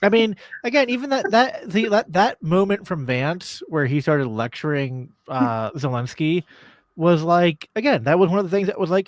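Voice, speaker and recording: A man's voice: on the high side, measured pace, dry recording. A man co-hosting a casual political podcast, thinking aloud with many "like" fillers. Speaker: podcast co-host.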